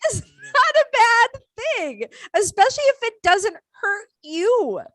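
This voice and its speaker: A woman's voice: very high voice, sing-song, slow, a bit bright, dry recording. A woman co-hosting an internet radio show, talking casually in an emphatic, opinionated way. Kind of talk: casual chat.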